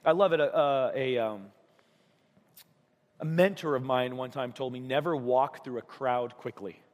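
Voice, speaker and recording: Conversational pastor in a reverberant hall. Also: male voice, medium pitch, a little slow, muffled recording. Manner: conversational, acts out voices in stories. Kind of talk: sermon. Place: church.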